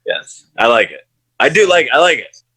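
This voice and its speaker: A man's voice: medium pitch, very animated, normal speed, bright, forceful tone. A tired man co-hosting a podcast, chatting in a dry, teasing way over a call. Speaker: podcast co-host. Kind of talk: casual chat.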